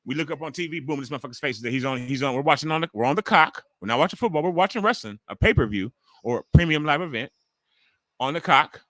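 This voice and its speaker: A man's voice: a little high, lively intonation, fast talker, fairly bright tone, dry recording. A middle-aged man hosting a live watch-along stream. He chats casually and profanely, talking straight to his viewers. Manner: loose, profane, talks straight to the chat.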